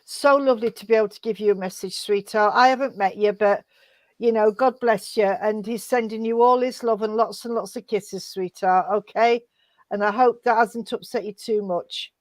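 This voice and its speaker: A woman's voice: medium pitch, fairly even intonation, normal speed, a little mellow, no room sound. A woman acting as a spiritualist medium, tenderly passing on messages and calling the listener sweetheart and darling. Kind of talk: relaying spirit messages in an online service.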